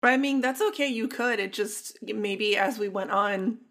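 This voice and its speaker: A woman's voice: medium pitch, measured pace, a bit bright. A woman co-hosting a casual podcast, a therapist talking in a dry, wry, talkative way.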